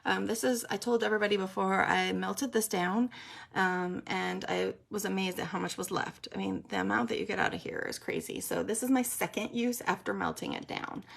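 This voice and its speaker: A woman's voice: mid-range voice, steady tone, fairly quick, creaky, breathy edge. A woman, rambling and chatty, talking through a live makeup tutorial with lots of ums. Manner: chatty, rambling, many ums, explains as she works.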